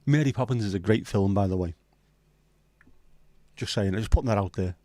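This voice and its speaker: A man from the north of England rambles through a relaxed livestream, cracking jokes and swearing freely as the host. His voice is lowish and dark, at a normal pace, and the recording is dry with no room echo.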